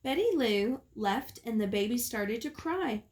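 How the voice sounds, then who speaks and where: A woman teacher reading a picture book aloud to children in a calm, clear way. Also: on the high side, unhurried. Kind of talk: storybook read-aloud.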